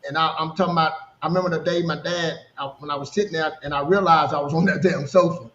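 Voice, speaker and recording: A man in his thirties telling personal stories in a casual podcast conversation, animated and full of restarts. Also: on the high side, fast talker, a little hiss or hum. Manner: storytelling, animated, repeats words and restarts. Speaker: podcast co-host. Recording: roomy, dull lo-fi sound.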